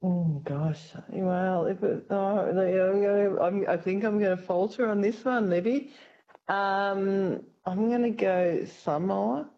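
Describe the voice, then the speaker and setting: A woman's voice: medium pitch, slow. A woman calling in to a radio quiz, hesitant and giggly as she guesses. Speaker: caller. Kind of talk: phone-in quiz answering. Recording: dull phone-in line.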